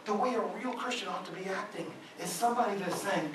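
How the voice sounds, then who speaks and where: A man preaching in a high, bright, forceful voice, animated and conversational. He is caught from far off in a church hall with a strong echo, and a faint hum sits underneath. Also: a little fast, few pauses. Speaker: guest preacher. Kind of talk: sermon. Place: church sanctuary.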